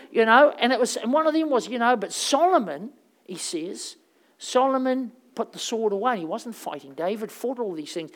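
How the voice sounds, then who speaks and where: A woman preacher telling stories through her sermon in a loose, rambling way. She talks casually, with plenty of fillers. Her voice swings from loud bursts down to quiet asides. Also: fairly high pitch. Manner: conversational, rambling storytelling with fillers; animated, swings between loud and soft.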